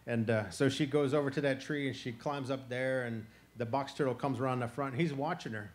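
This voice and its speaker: A male storyteller from Florida recounts an old animal tale in a loose, chatty rhythm, building the scenes with vivid detail. His voice sits at an ordinary middle pitch for a man. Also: a little fast. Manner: relaxed, conversational, vivid. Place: outdoor festival stage.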